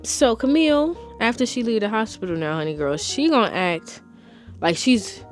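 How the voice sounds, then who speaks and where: Brief: young woman vlogger, fairly high voice, sassy and exasperated, soft music under her. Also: sing-song, moderate pace. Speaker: TV review vlogger. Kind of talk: casual chat.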